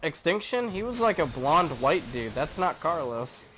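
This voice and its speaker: A man chatting casually while streaming a game, animated and joking, swearing freely. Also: a little high, normal speed. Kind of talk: casual gaming chat.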